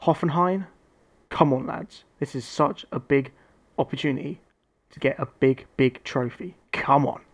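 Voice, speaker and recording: A young man doing live commentary on a football video game, urging on his players and shouting when they score or miss. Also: medium pitch, a little slow, slightly rough. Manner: excitable, shouts at players, swears. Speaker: gaming streamer.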